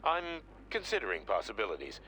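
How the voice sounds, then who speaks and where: A curious, guarded man in a video game, his bright voice rising and falling as he probes. Faint noise sits behind the game audio. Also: on the low side, huge pitch swings, fairly quick, exaggerated voice. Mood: probing. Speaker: game character speaking to a scientist.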